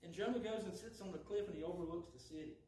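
A man with a fairly high voice preaches in a folksy, chatty way, acting out each character's lines as he tells the story. He is picked up from some distance in a very echoey church hall. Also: fast, a little hiss or hum. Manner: folksy and animated, acts out quoted lines. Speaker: preacher teaching a Bible study. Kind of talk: conversational sermon with storytelling.

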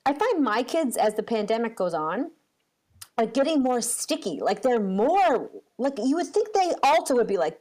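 A woman in her thirties chats casually, telling a parenting story full of fillers and asides. Her voice sits a little high. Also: sing-song, moderate pace, darkish tone. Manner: chatty storytelling with many fillers. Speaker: podcast co-host, parent. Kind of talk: casual chat.

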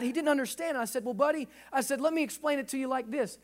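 A man in his thirties, a pastor, preaching a sermon with animated delivery and acted-out dialogue. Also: very high voice, quick pace.

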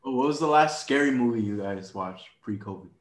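A man's voice: medium pitch, animated, brisk, echoey room. A young man co-hosting a casual podcast, playful and asking questions. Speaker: podcast co-host. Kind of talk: casual chat.

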